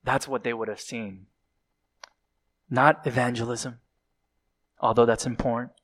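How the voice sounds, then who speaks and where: A man's voice: medium pitch, flat delivery, a little slow, fairly bright tone. A man preaching a sermon, building dramatic emphasis and sometimes dropping to a whisper, with occasional fillers and self-corrections.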